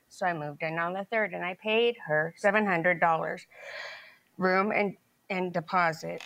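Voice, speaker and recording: A woman's voice: fairly low pitch, a little slow, creaky, fairly bright tone. A middle-aged woman, the plaintiff in a small claims case, telling her story in a rambling way full of restarts and quoted dialogue. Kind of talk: testimony in a televised courtroom.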